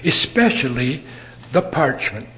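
A man preaching a sermon in an earnest manner, with emphatic rises and soft drops. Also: medium pitch, big pitch swings, measured pace, slight background noise. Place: assembly worship.

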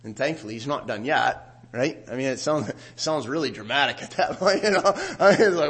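A middle-aged man preaching a sermon, growing loud and animated when he quotes scripture. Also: mid-range voice, a little fast, hardly any pauses. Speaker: pastor.

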